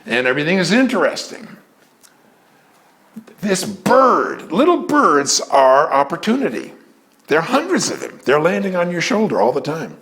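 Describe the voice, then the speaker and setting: An older man in a casual storytelling talk, animated, often acting out the people in his stories. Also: fairly high pitch, normal speed. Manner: animated, acts out voices in quotes.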